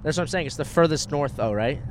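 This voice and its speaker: Brief: young SoCal-raised guy, lively storyteller, heavy on "bro" and "dude", faint road noise. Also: fairly high pitch, quick pace. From Southern California. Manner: animated, swearing, says "bro" and "dude", laughs often. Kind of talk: casual storytelling to a friend. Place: inside a moving car.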